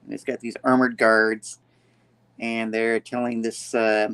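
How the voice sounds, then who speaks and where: A man hosting a comic book review show, chatting casually as he retells the story and slips into quick voices for the characters. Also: mid-range voice, flat delivery, fairly bright tone, clear, resonant tone. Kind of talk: casual comic recap chat.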